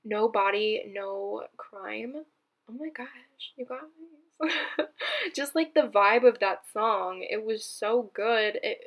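A young woman hosting her own podcast, chatting casually and gushing, with lots of fillers and restarts. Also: medium pitch. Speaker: podcast host. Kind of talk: casual solo podcast chat.

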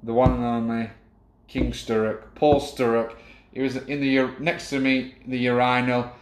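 A man's voice: medium pitch, flat delivery, moderate pace, slight background noise. A man telling football stories in a casual chat, rambling with many restarts. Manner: rambling storyteller, hesitant restarts. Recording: roomy echo.

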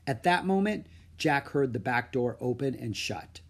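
A man reading a children's book aloud in an expressive storytelling manner. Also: medium pitch, measured pace. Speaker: narrator.

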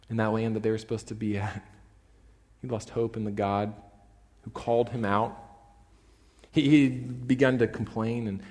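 A man preaching a sermon in a church sanctuary, his voice sitting at an ordinary middle pitch. He tells stories with animated emphasis that rises to strong peaks. His words ring out with a long reverb in the church hall. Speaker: pastor.

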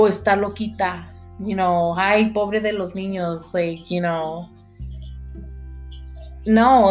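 Blunt, profane young woman speaking candidly. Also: medium pitch. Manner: blunt, profane and rambling, with many fillers. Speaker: mother sharing her mental health struggles. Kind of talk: candid personal vlog.

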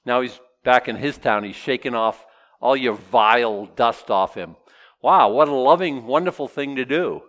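A man's voice: mid-range voice, moderate pace, fairly bright tone. A man preaching a casual, humorous sermon, stopping to joke and voice imagined objections. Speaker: pastor. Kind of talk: sermon with verse-by-verse teaching.

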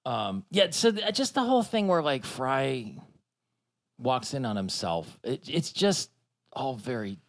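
A man chatting loosely on a podcast, his pitch jumping up and down as he riffs. He talks in half-started sentences and wanders between ideas. The sound is dry and close. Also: big pitch swings, a little slow, no room sound. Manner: rambling, riffing, lots of restarts and fillers. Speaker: podcast co-host. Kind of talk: casual chat.

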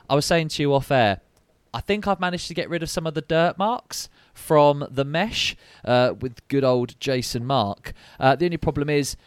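A man's voice: medium pitch, clean tone, no room sound. A man co-hosting a podcast, chatting casually and rambling a little with fillers. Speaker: podcast co-host. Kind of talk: casual chat.

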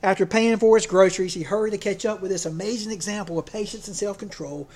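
A man's voice: sits high, fast talker, darkish tone. A man preaching a folksy sermon, joking and often restarting his sentences. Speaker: pastor.

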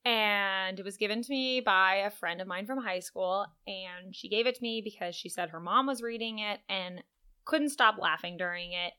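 A woman co-hosting a book podcast in casual chat, relaxed and agreeable. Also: medium pitch, normal speed, clear, resonant tone. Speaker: podcast co-host.

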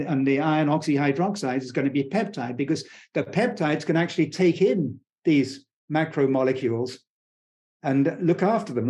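A man speaking as a guest scientist in an interview, talking fast and enthusiastically, blunt and digressive, with frequent restarts. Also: on the high side, a little mellow. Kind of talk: conversational interview explanation.

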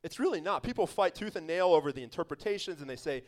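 A pastor with a notably high-pitched voice delivers a sermon at an evening service. His preaching is emphatic and conversational, mixing earnest points with laughing asides to the people in front of him. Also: expressive, fast.

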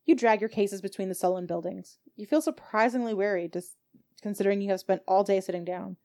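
A woman runs a tabletop game as its game master. Her voice sits at a middling pitch. She reads the scene steadily, with a few small stumbles. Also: brisk, darkish tone.

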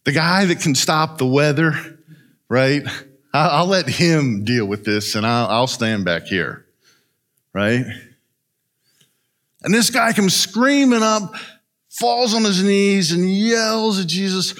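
A man preaching a sermon, retelling a story in an animated way and often asking "right?". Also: fairly high pitch, takes it slowly, pauses often. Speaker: pastor.

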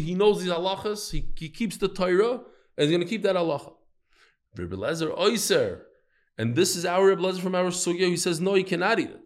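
Male Talmud teacher, slightly high voice, animated storyteller in front of a live class. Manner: animated, storytelling, quizzes the listeners.

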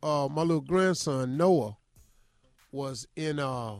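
An older male radio host in his sixties, telling a comic family story with animated delivery. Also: fairly high pitch, takes it slowly, no echo. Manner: animated, shouts in acted quotes.

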